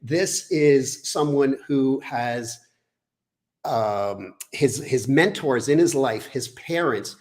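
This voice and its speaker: A man's voice: mid-range voice, takes it slowly. A middle-aged man, a fitness trainer, ranting bluntly and profanely in a casual podcast chat.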